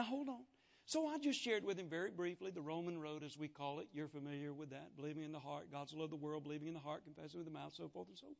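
Preacher, male, high voice, folksy storyteller, muffled lo-fi recording. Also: vocal fry. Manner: folksy, animated testimony with acted-out dialogue. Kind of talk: sermon storytelling. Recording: dull lo-fi sound.

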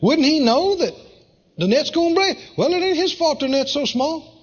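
A male preacher giving a folksy, animated sermon, telling the story in a lively way, in a dull lo-fi recording. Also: very high voice, normal speed.

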